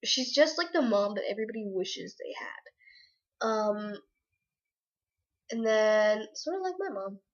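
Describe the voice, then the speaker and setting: A woman's voice: mid-range voice, lively intonation, measured pace, pauses often, lo-fi sound. A young woman gushing about a book in a chatty, giggly way. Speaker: book reviewer. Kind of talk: casual book review chat.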